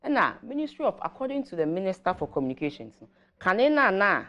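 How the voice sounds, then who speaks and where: A Ghanaian-accented woman explaining government policy on a morning show, measured and switching between Twi and English. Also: mid-range voice, big pitch swings, fairly bright tone, highs cut off. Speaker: government guest commentator.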